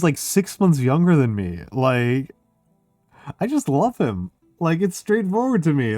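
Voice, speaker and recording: An excitable man chatting on a livestream, his pitch leaping all over as he talks. He swears freely and fills his speech with filler words. The sound is dry and close, with faint music underneath. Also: measured pace, dry recording. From United States. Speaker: streamer. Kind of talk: casual chat.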